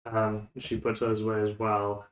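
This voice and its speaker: A man's voice: fairly low pitch, monotone, moderate pace. A man running a tabletop game as game master, narrating loosely with many fillers. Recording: echoey room.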